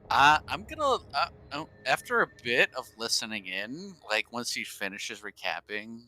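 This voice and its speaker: Dude playing a tabletop game, lively up and down voice, bright and sharp, faint music. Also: male voice, mid-range voice, normal speed. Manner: animated and laughing, slips into character. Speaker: player.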